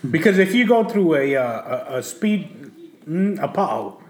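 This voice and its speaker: Animated, profane man telling a story. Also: fairly high pitch, normal speed, echoey room. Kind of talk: casual chat, storytelling.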